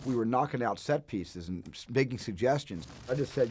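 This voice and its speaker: A film director telling relaxed behind-the-scenes anecdotes in an interview. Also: male voice, medium pitch, fairly quick, few pauses, slight background noise. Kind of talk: reminiscing interview.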